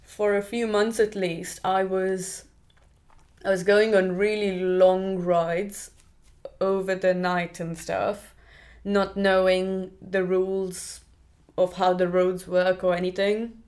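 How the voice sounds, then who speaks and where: A woman's voice: medium pitch, level tone, takes it slowly, a little mellow. A young woman from India with an Indian accent, a podcast guest telling her story casually, with many restarts and fillers.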